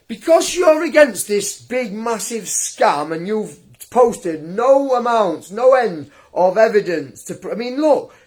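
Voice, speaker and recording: Indignant man, high-pitched rant. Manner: indignant, blunt and combative, with restarts. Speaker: vlogger. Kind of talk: ranting direct-to-camera monologue.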